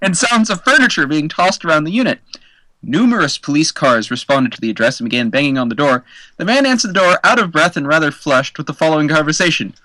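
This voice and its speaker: A man's voice: a little high, animated, fast talker, sharp tone, no echo, poor audio. A man co-hosting a casual podcast, reading a funny news story aloud and laughing often. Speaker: podcast co-host.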